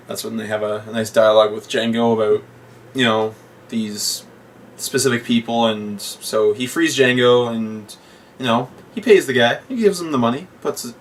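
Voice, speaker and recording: A young man casually retelling a film's plot, quoting characters in funny voices and laughing often. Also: mid-range voice. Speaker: podcast co-host. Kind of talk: casual movie review chat. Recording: distant mic with faint noise.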